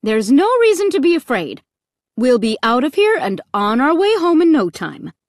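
A woman's voice: high voice, big pitch swings, normal speed, dry recording, studio quality, pitched above the performer's own voice. A woman voicing an anxious mother who exclaims and then tries to reassure her family, reading from a storybook. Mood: reassuring. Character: worried mother trying to stay calm.

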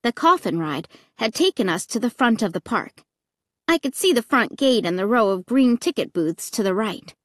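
A woman narrating an audiobook in the first person, with expressive, dramatic storytelling on a close mic. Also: a little high, moderate pace, no echo.

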